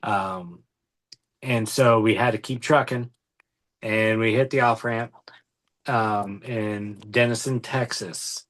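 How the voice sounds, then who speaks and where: A man's voice: lowish voice, steady tone, slow pace, a bit bright. A young man, a podcast guest, chats casually and rambles, with lots of ums and false starts. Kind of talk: casual chat.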